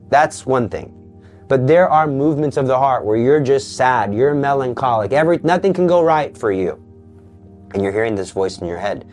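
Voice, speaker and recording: A man giving an earnest Catholic teaching talk in a sermon style, dropping to a hush for quoted voices. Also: mid-range voice. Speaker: Catholic preacher.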